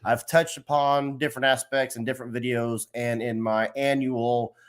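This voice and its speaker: A middle-aged man hosts a casual livestream. He talks in a loose, rambling, friendly way, often breaking off to greet viewers from the chat. His voice sits at an ordinary middle pitch. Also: level tone, moderate pace. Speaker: host of a livestream. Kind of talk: casual live-stream chat.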